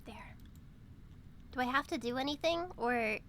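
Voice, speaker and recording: High bright-voiced young woman streamer. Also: unhurried, a little hiss or hum. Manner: playful and dramatic, with giggles. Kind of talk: casual gaming stream chat.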